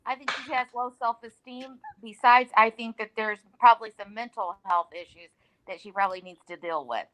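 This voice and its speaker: Woman, caller, earnest, bright tone, higher pitch. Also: fairly quick, low-quality recording. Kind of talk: call-in.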